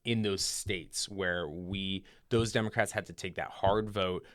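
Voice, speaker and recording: A man with a low, smooth voice co-hosts a casual political podcast. He talks in an animated, rambling way, full of fillers and restarts. The sound is dry and close. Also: measured pace, dry recording. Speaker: podcast co-host.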